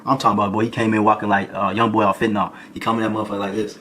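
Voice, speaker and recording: A young adult man, a streamer, telling a comedic storytime in an animated, slangy way, peppering his lines with "boy" and "folk". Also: fairly low pitch, rapid-fire, a little hiss or hum.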